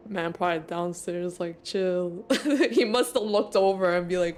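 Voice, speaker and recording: A young woman streaming a game live, reacting excitably and laughing often as she plays. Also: fairly low pitch, measured pace, slight background noise. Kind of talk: live gameplay commentary.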